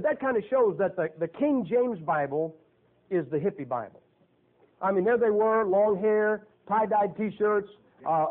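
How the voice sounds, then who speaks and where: Male preacher, high voice, folksy and emphatic, phone-thin audio. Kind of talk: sermon. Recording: tinny phone-like lo-fi recording.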